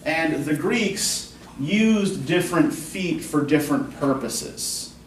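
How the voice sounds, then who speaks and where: A man's voice: fairly high pitch, animated, slow pace. A man teaches a college poetry class from the front of a classroom. He explains patiently and keeps putting questions to his students. The recording is roomy and picked up from a distance, with a faint hiss underneath. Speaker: college English instructor.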